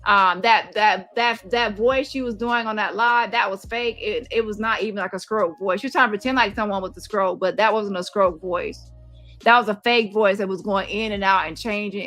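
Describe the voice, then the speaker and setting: With a medium-pitched, fairly bright voice, a female host delivers casual commentary to camera on her stream. She grows heated, repeating herself as she stacks accusation on accusation.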